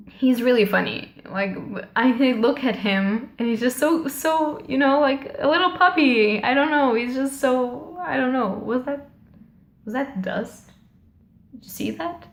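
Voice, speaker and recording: A woman giving a casual, chatty TV episode review, talking straight to her viewers and often restarting her sentences. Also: mid-range voice. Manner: chatty, often addresses viewers, self-corrects. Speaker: TV series reviewer. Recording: echoey room.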